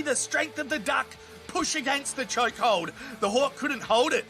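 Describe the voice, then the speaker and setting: An Australian man giving crude, excitable mock sports commentary, shouting at big moments. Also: very high voice, normal speed, faint music behind. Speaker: comedy fight commentator.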